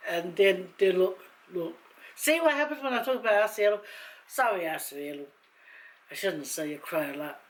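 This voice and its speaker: A woman's voice: lowish voice, animated, normal speed. Chatty woman vlogger. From Samoa. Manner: chatty, rambling, self-mocking, emotional. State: teary after crying. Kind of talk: casual chat to camera.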